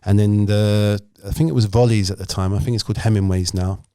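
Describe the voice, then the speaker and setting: A man's voice: on the low side, steady tone, fairly quick, dark tone, clear, resonant tone, dry recording, clean studio sound. A man, a former footballer telling anecdotes as a podcast guest. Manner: storytelling, acts out voices in his anecdotes.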